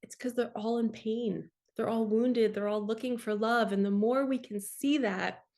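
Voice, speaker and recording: Woman, 40s, spiritual coach, earnest heartfelt delivery, fairly high-pitched. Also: steady tone, normal speed, mellow. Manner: earnest and emotional, tearful in places. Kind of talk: personal testimony to camera.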